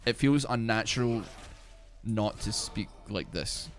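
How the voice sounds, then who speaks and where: A young man from Glasgow with a softened Scottish accent, chatting casually and profanely on a game stream, with lots of "like" and "man". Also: fairly low pitch, unhurried, a little hiss or hum. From Glasgow, Scotland. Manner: rambling, profane, full of "like" and "man". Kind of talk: casual live-stream chat while gaming.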